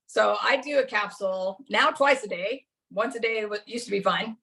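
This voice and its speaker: A middle-aged woman leads a class in a relaxed, conversational way. She tells her own story with light laughs, at a medium pitch for a woman. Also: moderate pace. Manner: chatty and anecdotal, laughs often. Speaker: class presenter. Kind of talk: casual teaching talk.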